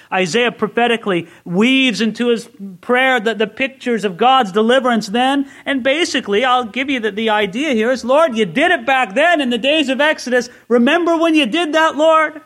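A man's voice: sits high, a bit bright. A man preaching expository Bible teaching, reading scripture aloud with rising intensity and asking listeners direct questions. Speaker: pastor.

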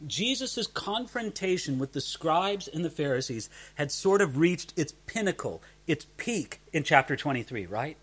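Male Bible teacher, slightly higher voice, earnest, stumbles and restarts phrases. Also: very animated, moderate pace, few pauses, a bit bright, slightly rough. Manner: earnest, repeats words when starting sentences.

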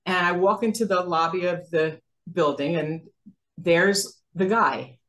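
A woman's voice: fairly low pitch, measured pace. A woman in her sixties from New Jersey, telling a story as a guest in a casual interview and acting out the dialogue, laughing often. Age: 60s. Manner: animated, acts out quoted dialogue, laughs often.

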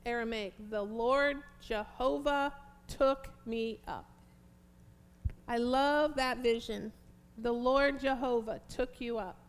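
A woman preaching with a high voice, reading scripture and praying aloud. She speaks slowly and emphatically, leaning into each phrase with fervent conviction. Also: fairly even intonation, clean tone. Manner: fervent, prayerful, slow and emphatic.

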